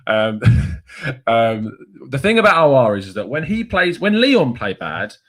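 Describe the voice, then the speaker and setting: A young man hosting a football channel stream, rambling excitably and self-mockingly with frequent laughter. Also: medium pitch, unhurried. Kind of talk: excitable live-stream reaction chat.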